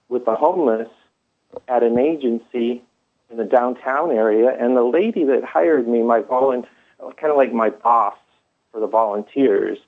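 A man with a gravelly, rough edge tells his own story, rambling with many fillers and restarts. He is heard through a thin, tinny phone line. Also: mid-range voice. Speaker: guest telling his story. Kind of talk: first-person storytelling.

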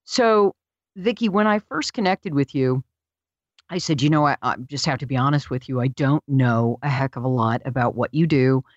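A man's voice: medium pitch, normal speed, no room sound, highs cut off. Casual man hosting a radio interview. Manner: casual, affirming listener with brief interjections. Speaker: radio host.

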